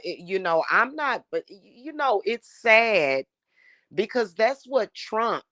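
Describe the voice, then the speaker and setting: A woman with a low, deep-set speaking voice talks straight to her viewers. She is emphatic and emotional, stumbling over and repeating words as her feelings rise. The recording is dry and close, with no room sound. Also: fairly bright tone, no room sound. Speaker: spiritual channel host. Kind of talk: casual talk to viewers.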